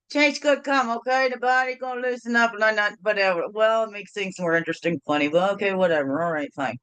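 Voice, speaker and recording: A woman's voice: medium pitch, quick pace, few pauses, a bit bright, smooth, no room sound. A middle-aged woman hosting a casual morning video chat from home, playful and rambling, with sing-song bits. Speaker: host.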